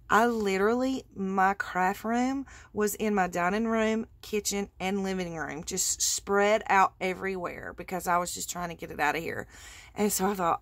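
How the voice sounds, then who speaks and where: A woman's voice: medium pitch, dry recording. A woman, hosting a craft vlog, chatting casually and rambling through a story with laughs. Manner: animated, rambling, laughs while telling. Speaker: craft channel host.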